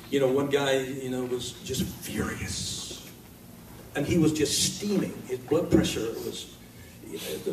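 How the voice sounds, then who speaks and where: A man preaching a sermon to his congregation in a conversational, emphatic way, with pauses for effect. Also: fairly high pitch, a little mellow, slight background noise. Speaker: pastor. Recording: echoey hall recording from far off.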